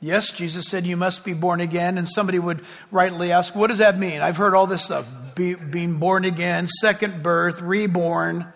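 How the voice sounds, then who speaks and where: Pastor, male, high and sharp voice, lively conversational sermon, hall reverb. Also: normal speed, creaky, hardly any pauses. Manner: lively, conversational preaching with asides and acted-out scenes. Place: church sanctuary before a congregation. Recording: long reverb of a large hall.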